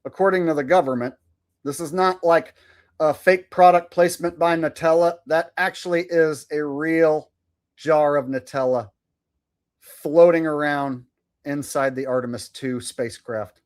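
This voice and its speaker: A man's voice: a little high, fairly even intonation, measured pace. A man hosting a live stream, who chats loosely in a joking, profane way. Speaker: streamer host. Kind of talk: casual live-stream commentary.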